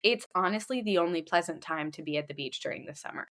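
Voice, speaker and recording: A woman in her thirties, a podcast co-host telling a lively story in casual chat, putting on the voices of others. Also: lowish voice, quick pace.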